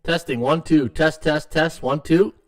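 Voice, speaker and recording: Here the middle-aged Canadian sports betting podcast host speaks unhurriedly in a slightly high, steady voice while chatting on his live stream, with lots of fillers and restarts. He sits far from his desktop mic, so the home setup sounds tinny and echoey.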